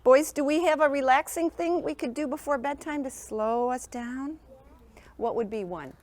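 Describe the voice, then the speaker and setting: A woman's voice: sits high, moderate pace. A woman presenting a sleep program in a school classroom, talking to young children in an encouraging, sing-song teacher manner and often checking in with them.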